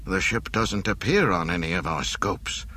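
A man's voice: low-pitched, lively intonation, normal speed, pushed and bright, slightly rough, heavily acted. A man voicing a jumpy young male tracking officer who reports in a flustered way. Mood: uneasy.

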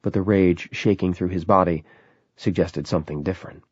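A man narrating a novel in a lively, dramatic reading. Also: low voice, brisk, husky, no echo. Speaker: audiobook narrator. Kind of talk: scripted narration. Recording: dull, lo-fi sound.

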